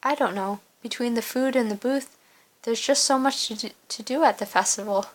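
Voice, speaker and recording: A woman voicing a young noblewoman in a game story, gracious and gently playful in a soft way. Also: a little high, moderate pace, close to an everyday voice.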